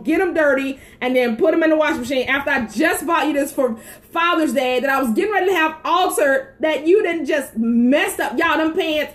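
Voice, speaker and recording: A woman telling a story about her husband in a casual live-stream chat, animated and laughing, talking straight to her viewers. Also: high-pitched. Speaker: wife co-hosting a live stream. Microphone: phone.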